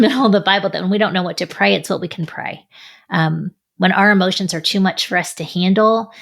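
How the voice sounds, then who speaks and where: A woman's voice: mid-range voice, gravelly. A middle-aged woman sharing her faith story in an earnest, reflective way, an author and speaker. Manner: earnest, reflective, with soft laughs. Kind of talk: personal faith testimony.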